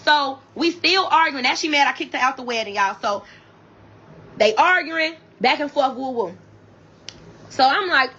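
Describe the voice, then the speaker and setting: A woman telling her own wedding story to viewers on a livestream from her bed. She is animated and profane, keeps calling her viewers y'all, and speaks. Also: high voice, moderate pace, pauses often, dull audio. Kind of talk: casual storytelling to a live audience. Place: at home in bed.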